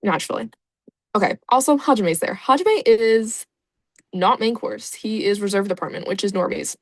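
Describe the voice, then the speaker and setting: A woman's voice: mid-range voice, expressive, normal speed, dry recording. A woman casually explaining in a vlog, rambling and sarcastic and swearing freely. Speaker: video creator.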